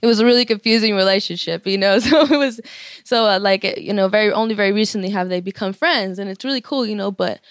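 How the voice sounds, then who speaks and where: A woman's voice: mid-range voice, fast, dry recording, clean studio sound. A young woman musician in an interview, talking openly with many fillers and restarts and laughing often. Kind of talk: candid interview talk.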